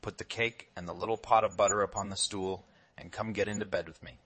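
A crafty, hungry wolf from a fairy tale, voiced by a man, low and forceful, drawing out his coaxing words. Every line sounds like a sly trick. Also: fairly even intonation, fairly quick, husky. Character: cunning hungry male wolf.

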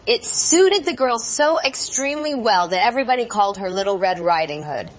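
A woman's voice: on the high side, expressive, brisk. Woman reading a fairy tale aloud. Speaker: storyteller.

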